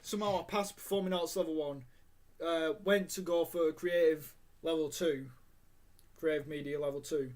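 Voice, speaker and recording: A young man in a casual chat, speaking in a slightly raised voice. He stumbles through his sentences with fillers and pauses, trailing off as he goes. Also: a little high, fairly even intonation, darkish tone. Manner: halting, with fillers and trailing phrases. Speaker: podcast co-host.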